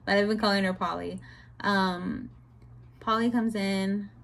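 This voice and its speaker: A young woman chatting casually in a book review vlog, retelling scenes with animated, exasperated commentary. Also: mid-range voice, a little slow, creaky, slight background noise. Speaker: book vlogger.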